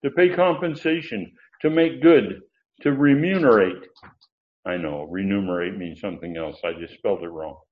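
A man's voice: fairly low pitch, normal speed. A man teaching a Bible study lecture, explaining Greek grammar with asides and self-corrections. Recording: dull lo-fi recording.

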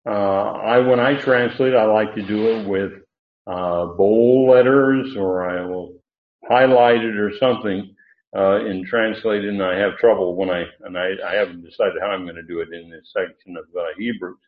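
A man teaching the Bible verse by verse in a halting way, with many fillers and restarts, leaning hard on emphatic words. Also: fairly low pitch, steady tone. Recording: echoey room on a tinny phone-like line.

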